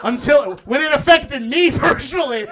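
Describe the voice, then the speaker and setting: High-voiced man doing stand-up comedy. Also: expressive, normal speed, noisy background. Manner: acts out voices of his mom and himself, laughing through lines. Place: comedy club stage in front of a live audience.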